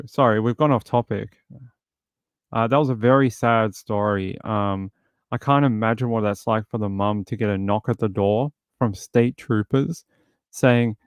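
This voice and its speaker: A man's voice: on the low side, steady tone, measured pace, clear, resonant tone, dry recording, clean studio sound. A man hosting a casual livestream, greeting viewers by name and chatting loosely with lots of fillers. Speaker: host.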